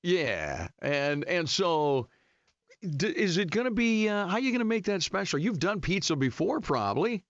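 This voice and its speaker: A man's voice: high-pitched, sing-song, normal speed, no echo, muffled recording. A middle-aged man hosting radio chat, joking and teasing playfully. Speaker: radio host.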